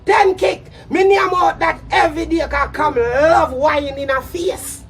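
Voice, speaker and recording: Jamaican guy yelling a diss in patois, super high voice, faint traffic noise behind. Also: steady tone, measured pace, far from the mic. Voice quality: shouty patois, loud laughter between threats. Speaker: social media personality. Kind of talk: angry diss rant to camera.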